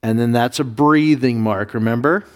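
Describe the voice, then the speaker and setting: A man, a pastor, teaching a Bible class, explaining Hebrew words slowly with many fillers and restarts. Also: medium pitch. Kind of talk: classroom lesson reading Hebrew.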